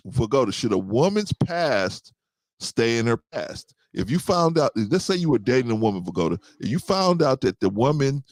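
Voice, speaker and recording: A man hosting a casual group chat, an animated storyteller who often laughs. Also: mid-range voice, moderate pace, no room sound. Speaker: podcast host.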